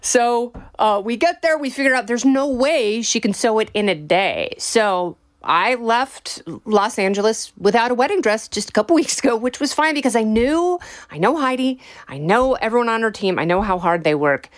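A young adult woman telling a story in a casual, animated way, often laughing as she talks. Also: on the high side, normal speed, few pauses. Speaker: bride telling her wedding story.

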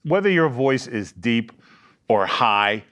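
A man's voice: medium pitch, sing-song, slow pace, a bit bright. A man chatting on a TV panel, talking emphatically and rambling with frequent restarts. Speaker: TV panel guest. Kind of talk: casual panel banter.

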